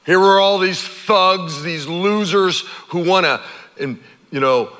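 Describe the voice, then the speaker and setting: A middle-aged man preaching a sermon as pastor, conversational and animated, acting out quotes. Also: sits high, slow pace. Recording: long hall reverb.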